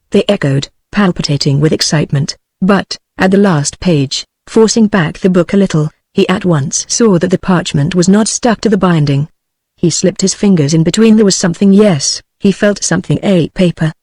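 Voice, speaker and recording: A text-to-speech woman's voice with a British English accent reading a novel aloud in an even machine manner, sometimes speaking the punctuation. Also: lowish voice, normal speed, husky, no echo. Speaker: audiobook narrator. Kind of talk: synthetic audiobook reading.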